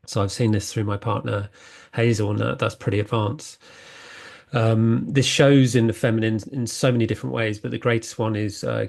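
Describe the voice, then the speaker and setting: A man's voice: on the low side, gravelly, a little mellow. A man hosting a spiritual podcast, talking in an earnest, reflective monologue that halts often with fillers and restarts. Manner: halting, with many fillers and restarts.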